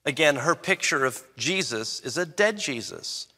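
A man preaching a sermon, reading scripture and then explaining it with emphatic swings in pitch and loudness. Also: lively intonation, normal speed. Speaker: pastor. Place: church sanctuary. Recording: long reverb of a large hall.

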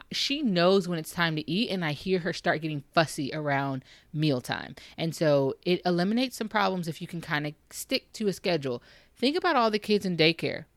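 A woman's voice: fairly low pitch, animated, normal speed, dry recording. A young woman giving casual, encouraging parenting advice straight to other moms, direct and reassuring. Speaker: parenting vlogger. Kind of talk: casual advice talk to camera.

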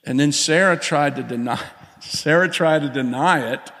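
A man preaching a sermon in a church, animated, calling out to the congregation as he tells a story. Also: a little high, normal speed. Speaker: pastor. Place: church sanctuary. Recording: long hall reverb.

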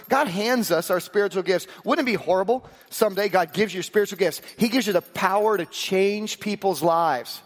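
Male pastor, sermon delivery, animated storyteller with acted asides, fairly high voice, long reverb.

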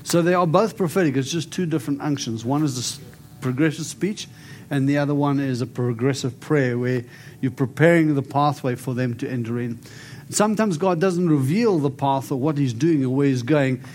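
In a charismatic sermon, a preacher prophesies over his congregation, declaring emphatically and coaxing them to respond. His voice is mid-range and darkish, at a moderate pace.

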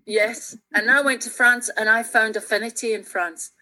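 A woman's voice: fairly high pitch, moderate pace. A Scottish woman around sixty with a Glaswegian accent, telling stories earnestly and with feeling as a guest on a radio show. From Scotland. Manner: earnest and animated, with frequent restarts. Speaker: musician guest. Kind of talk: reflective conversational storytelling.

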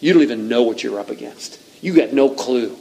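A man acting out a defiant young shepherd who yells his challenge at a giant, in a sermon retelling. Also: medium pitch, fairly quick, gravelly, natural voice. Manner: shouting defiance. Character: young shepherd boy, defiant, fearless, yelling.

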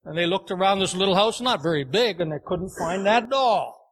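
A man preaching a sermon, telling a folksy farm story in an unhurried, homespun way. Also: high voice, lively intonation, fairly bright tone.

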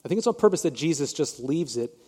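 A man's voice: fairly high pitch, expressive, fast, mellow, husky. A male pastor preaching a sermon, retelling a story with emphasis and speaking directly to his congregation. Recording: long reverb of a large hall.

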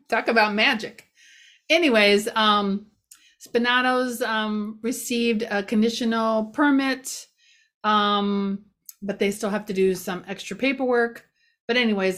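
Standing outdoors near a parking lot, a woman gives a casual local news update, rambling and chatty with many fillers and self-mocking asides. Her voice is on the high side.

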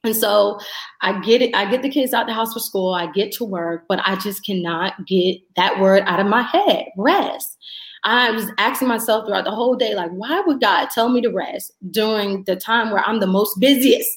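A woman appears as a podcast interview guest to share a personal faith testimony, telling it animatedly and acting out the voices of those involved. Her voice is medium-pitched at a normal speed, and the room gives a noticeable echo.

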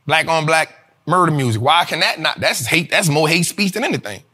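A man hosting his own show, talking casually to viewers about money and investing, animated and profane, often laughing and addressing them as "y'all". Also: fairly high pitch, fairly quick, breathy edge. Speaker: show host.

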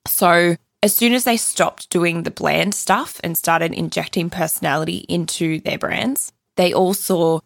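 Blunt gravelly woman. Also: on the low side, fairly even intonation, unhurried, no room sound, clean studio sound. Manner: blunt, opinionated, swears freely. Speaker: podcast host. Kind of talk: solo podcast monologue.

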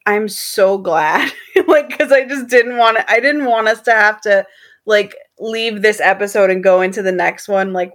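A woman co-hosting a podcast, chatting casually with frequent laughs and lots of fillers. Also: mid-range voice. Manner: chatty, laughs often, says like a lot. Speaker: podcast co-host. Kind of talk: casual chat.

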